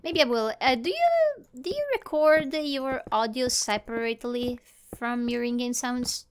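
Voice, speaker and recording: A woman chatting casually while playing a game, playful and giggly, with excitable exclamations. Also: fairly high pitch, a little slow, a little hiss or hum. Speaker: gamer recording a let's play. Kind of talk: casual gameplay chat.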